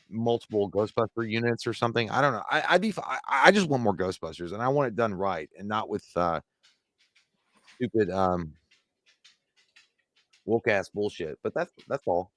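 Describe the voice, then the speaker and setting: Live-stream co-host, male, lowish voice, dry close sound; casual, profane, rambling. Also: no room sound. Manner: loose, profane, rambling answers to chat. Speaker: live show co-host reading chat.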